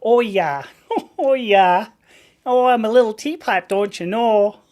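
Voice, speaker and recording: A woman voicing a cheery folksy Midwesterner with a Midwest American accent, chirpy and loud. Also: a little high, slow pace.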